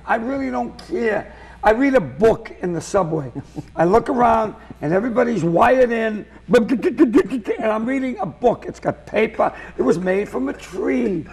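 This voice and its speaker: A high-pitched, heavily gravelly voice of an older man, raspy and rough at the edges. He rambles through jokes, mocking himself with an easy comic timing. He sounds like a seasoned stand-up comic being interviewed. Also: animated, moderate pace, a little mellow. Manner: jokey, digressive, self-mocking. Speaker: stand-up comedian, guest.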